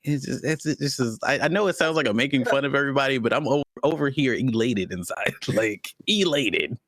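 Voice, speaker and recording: A man, co-hosting a casual podcast chat, animated and laughing often. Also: mid-range voice, fast talker, no room sound, clean studio sound. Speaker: podcast co-host.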